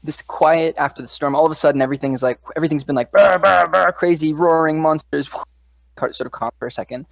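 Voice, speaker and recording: A man's voice: a little high, fairly even intonation, quick pace, dry recording. A man running a tabletop game as game master, narrating scenes vividly with loose fillers.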